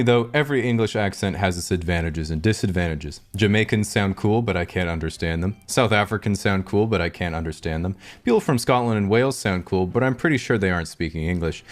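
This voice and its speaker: A man with a Pacific Northwest American accent giving scripted comedic narration in a dry, deadpan, sarcastic way. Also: sits low, quick pace.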